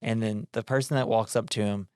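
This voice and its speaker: A man's voice: on the low side, fairly even intonation, a little fast, darkish tone, smooth, dry recording, studio quality. A man co-hosting a podcast, recapping a movie in casual chat, rambling with lots of fillers and frequent laughs. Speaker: podcast co-host.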